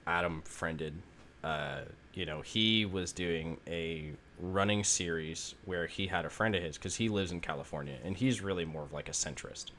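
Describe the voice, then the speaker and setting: A man's voice: sits low, moderate pace, fairly bright tone, a little hiss or hum. A man hosting a podcast, rambling in casual chat with lots of fillers and swearing. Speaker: podcast host.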